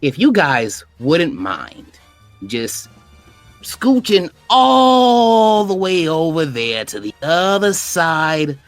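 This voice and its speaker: Man doing rambling, tired Pokémon creature, lively swooping pitch, dry sound. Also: drawn-out words, no echo, soft background music, full character voice. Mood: weary pleading. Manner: rambling, pleading, self-correcting. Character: weary, stressed male Plusle wanting peace.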